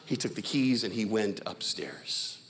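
A man's voice: fairly low pitch, unhurried, fairly bright tone, long reverb tail. A man preaching a sermon, telling a parable dramatically and teasing the audience to respond. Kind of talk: sermon storytelling.

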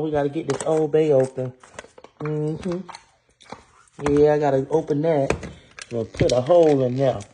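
A man's voice: a little high, mellow, a little hiss or hum, close to an everyday voice. A man playing a scorned, vengeful wife who talks sassily to viewers in a comedy cooking skit. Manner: sassy, talks straight to viewers with "y'all" and "honey".

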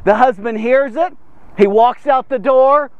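A man's voice: very high voice, a little slow, no room sound, narrow, tinny audio. A man preaching a devotional sermon to men, emphatic and direct, often checking in with "okay?". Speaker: pastor.

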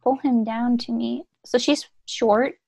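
A woman's voice: a little high, steady tone, unhurried, creaky, a little mellow, rough recording. A woman reading a story aloud to friends over a video call, chatty and self-deprecating. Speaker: reader. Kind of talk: casual comedic group reading.

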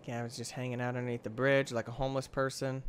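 A young man giving casual, excitable commentary over a video game, trash-talking and mock-dramatic. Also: medium pitch, fast, a little hiss or hum. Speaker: gaming video host.

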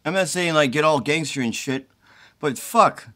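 A sick, worn-out middle-aged man rants and pleads in a slightly high voice, swearing as he goes. He sounds agitated and run down with the flu. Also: normal speed, bright, forceful tone. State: sick with the flu, congested and tired. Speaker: self-recording video poster. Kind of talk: rambling direct-to-camera plea. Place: indoors at his mother's home.

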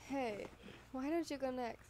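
A boisterous young volleyball ace, as a woman acts him out for a fan audio drama, playful and whiny when he teases. The voice sits a bit high and mellow. He sounds open-hearted and eager. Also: a little slow.

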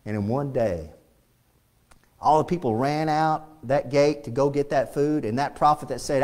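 A pastor preaching a sermon in a church, swinging between loud and hushed delivery and often repeating phrases. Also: male voice, mid-range voice, expressive, normal speed. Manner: repeats phrases and restarts lines. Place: church sanctuary.

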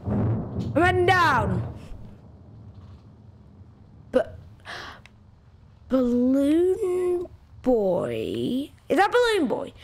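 Woman gamer, let's-play commentary, high lively voice, slow loud excitable talk. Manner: excitable, loud, jumps between shouting and muttering.

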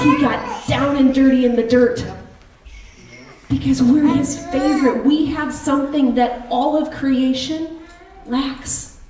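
A woman's voice: high-pitched, dark tone, slight background noise. Lay preacher, female, earnest and reflective sermon, recorded far off in a roomy sanctuary. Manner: earnest, personal, slow and reflective. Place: church sanctuary. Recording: roomy church hall, distant mic.

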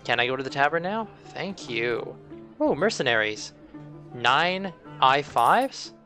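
A young man hosting a co-op game session, reacting excitably to the action and chatting casually. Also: mid-range voice, unhurried, soft background music. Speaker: gaming channel host. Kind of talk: casual gaming commentary.

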